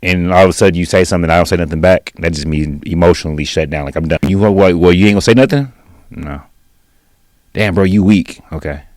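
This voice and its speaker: A man with a very low voice talks casually on a podcast. He tells stories with energy and acts out both sides of an argument in quick back-and-forth. The sound is dry and close. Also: darkish tone, no echo. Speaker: podcast co-host.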